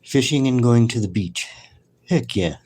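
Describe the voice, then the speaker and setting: A man's voice: medium pitch, animated, a little slow, darkish tone, husky. A man hosting a casual livestream, chatting with viewers and often losing his train of thought. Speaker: livestream host.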